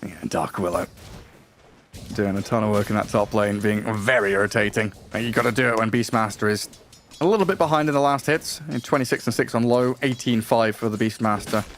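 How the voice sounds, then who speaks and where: A man doing fast, lively play-by-play commentary on an esports match. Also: on the low side, a little hiss or hum. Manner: quick, lively play-by-play calls. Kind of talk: live game commentary.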